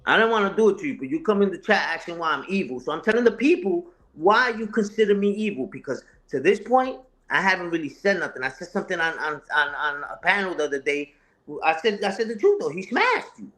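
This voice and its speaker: A man whose voice sits high and swings widely in pitch. He sounds confrontational and profane, repeating phrases for emphasis as he talks without a script. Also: big pitch swings, fast, a bit bright. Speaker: interview guest, online content creator. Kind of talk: heated unscripted talk, answering a live chat.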